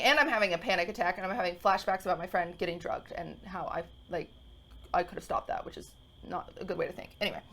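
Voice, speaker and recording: A woman's voice: a little high, a bit bright. A woman in her twenties co-hosting a podcast, telling a long story in a rambling, emotional way full of fillers and restarts. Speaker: podcast co-host. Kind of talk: casual storytelling chat.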